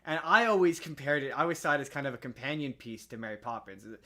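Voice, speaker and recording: A man co-hosting a podcast, chatting casually and introducing the next topic with quick asides. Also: mid-range voice, expressive, sharp tone. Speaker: podcast co-host. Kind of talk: casual chat.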